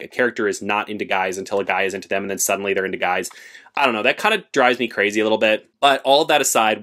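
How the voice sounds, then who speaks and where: A man chatting casually about books he read this month, expressive and full of fillers, with lively jumps in pitch when he gets excited. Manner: frequent fillers like "like" and restarts. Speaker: book vlogger. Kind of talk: casual book review chat.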